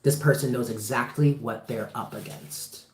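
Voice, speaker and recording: An impassioned tarot reader talking straight to viewers in a livestream, pressing points hard and swearing freely. The voice sits mid-pitch, and the room gives it a roomy echo. Phrases come back again and again for emphasis. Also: fairly even intonation, normal speed, darkish tone, slight background noise.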